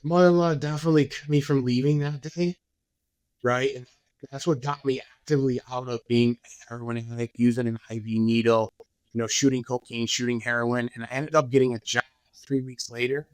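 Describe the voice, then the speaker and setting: A man's voice: medium pitch, fairly even intonation, a little fast, clean tone, no room sound. A man, a podcast guest, telling his story candidly and acting out other people's lines. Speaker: podcast guest, business owner.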